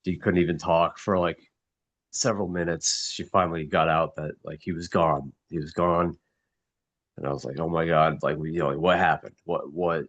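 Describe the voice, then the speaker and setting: A middle-aged man in a casual group chat, grieving and somber, talking haltingly with many restarts. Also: low-pitched, steady tone, fairly bright tone, muffled recording. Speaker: mastermind group member.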